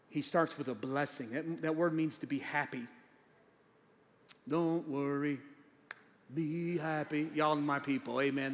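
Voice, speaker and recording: High-voiced preaching man in a reverberant hall. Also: a little hiss or hum. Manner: animated, swings from loud preaching to low asides. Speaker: pastor. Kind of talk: sermon.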